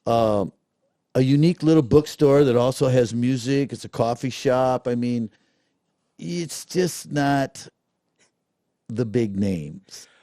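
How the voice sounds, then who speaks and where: Guy, gravelly low-key voice, chatty storyteller, dry close mic. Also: slow pace, no echo. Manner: animated storyteller, acts out quotes. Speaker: guest, festival director. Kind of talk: casual interview chat.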